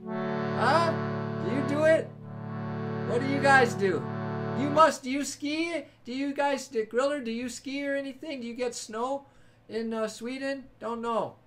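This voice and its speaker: High-voiced upbeat man chatting with viewers. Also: a little slow, fairly bright tone, soft background music. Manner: upbeat, rambling, calls people brother and man. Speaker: livestream host. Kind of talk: casual chat with live viewers.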